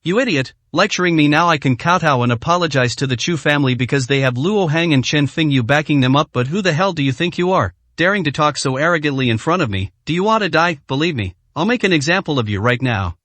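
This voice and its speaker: Man reading as arrogant chairman, sneering, blustering, slightly high voice, dry close sound. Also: animated, fast, few pauses, fairly bright tone, no echo. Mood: furious. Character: arrogant middle-aged male chairman, bully.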